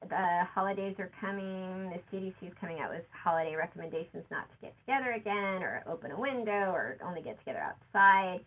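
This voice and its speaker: A woman's voice: fast talker, hardly any pauses. A woman giving a conversational conference talk, acting out quotes from other people. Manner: conversational, quotes others with lively shifts in pitch. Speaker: conference speaker. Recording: tinny phone-like audio.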